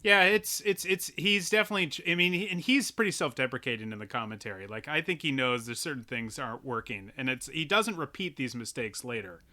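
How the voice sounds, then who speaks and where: A man co-hosting a podcast, talking casually and animatedly about a film, with lots of restarts and quick laughs. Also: mid-range voice, sharp tone. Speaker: podcast co-host.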